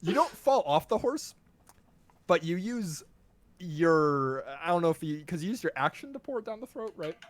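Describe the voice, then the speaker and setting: A man's voice: high voice, sing-song, normal speed. Laid-back man running a tabletop game. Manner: laid-back, chuckles often, talks through rules aloud. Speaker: game master.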